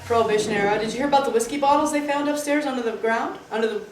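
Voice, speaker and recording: A woman from Florida tells ghost stories in a loose, animated, tangent-hopping way, full of uh's and restarts. She sits some distance from the mic in a boomy, echoing room. A faint hum of background noise runs under her voice. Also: rapid-fire. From Florida, USA. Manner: animated, lots of fillers, jumps between tangents. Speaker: club worker interviewee. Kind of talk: rambling anecdotal storytelling. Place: indoors, in the club building.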